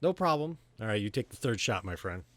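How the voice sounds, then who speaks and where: A man's voice: fairly low pitch, fast, dry recording. A man running a tabletop game as game master, narrating in an easygoing way with lots of fillers and restarts.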